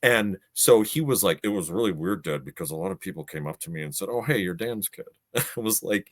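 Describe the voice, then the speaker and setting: A man's voice: deep voice, a little fast. A middle-aged man, a podcast guest, telling stories in a casual way and acting out what people said. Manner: animated storyteller, acts out quotes. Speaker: podcast guest, gaming show organizer. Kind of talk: casual storytelling.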